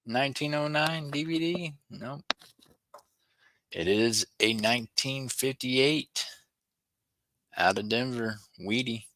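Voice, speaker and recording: A man, hosting a casual coin-hunting livestream and chatting to viewers, excitable over each find and quick to apologize. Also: medium pitch, dry recording. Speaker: livestream host searching coin rolls.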